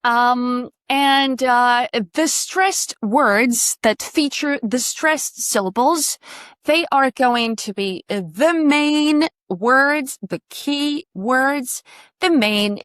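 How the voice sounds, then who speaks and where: A woman's voice: high-pitched, extremely slow, a bit bright, smooth, no room sound. Chatty woman coaching pronunciation, dry sound. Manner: chatty, swears casually, quizzing questions. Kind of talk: casual online lesson.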